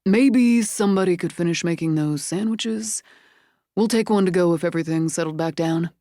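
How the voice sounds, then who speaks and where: A woman narrator voicing a practical young man craftsman, matter-of-fact and brisk. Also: on the low side, warm tone, no room sound, natural voice.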